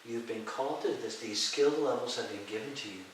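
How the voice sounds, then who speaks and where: A middle-aged man telling lively stories in an interview, acting out the voices of people he quotes and laughing often. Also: medium pitch, a little fast. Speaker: interview guest, martial arts and healing teacher. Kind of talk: storytelling in a conversational interview. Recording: echoey room, far from the mic, faint hiss.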